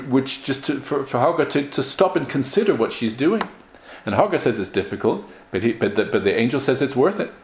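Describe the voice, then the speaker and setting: Man teaching a Torah class, roomy echo. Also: medium pitch. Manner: explanatory, rhetorical questions, many restarts.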